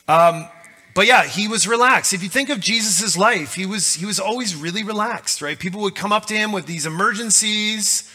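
Pastor guy preaching, chatty and jokey, bright tone. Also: high voice, moderate pace. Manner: conversational, joking, animated. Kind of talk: sermon.

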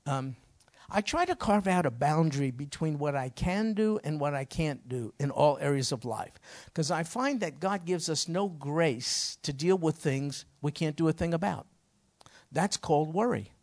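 A middle-aged male pastor delivering a sermon with a slightly higher voice. He preaches emphatically, building into sharp, rising bursts of emphasis. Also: lively intonation, normal speed.

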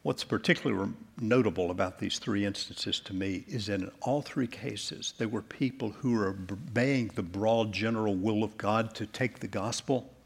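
A male pastor delivering an earnest sermon in a church, closing in soft prayer. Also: fairly low pitch, moderate pace, creaky, few pauses, husky.

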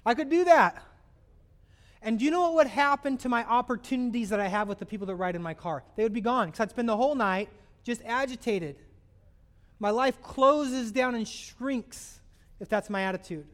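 A man with a notably high voice delivers a sermon in an earnest, preacherly way. He shifts between scripture reading and acted-out grumbles. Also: a little fast, fairly bright tone. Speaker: pastor.

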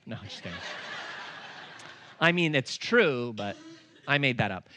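A middle-aged man preaching a storytelling sermon. He acts out dialogue and slows down to lean on key words. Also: mid-range voice. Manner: animated, acts out dialogue in his stories; slows down and leans on words for emphasis.

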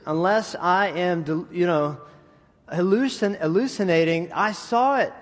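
An animated man preaching a sermon with a lively, swinging delivery and a fairly high voice. He talks conversationally, restarting phrases and slipping in asides. His voice rings out with a long hall reverb. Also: unhurried. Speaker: preacher and middle school teacher.

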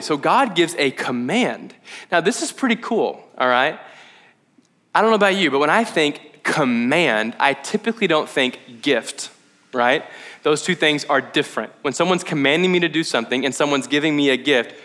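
A man delivers a sermon in a lively, conversational manner, with frequent check-ins to his listeners and playful asides. His voice is bright and forceful and sits a little high. Long reverb from a large hall trails after his words. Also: normal speed. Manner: jokey asides and acted-out quotes. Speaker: pastor.

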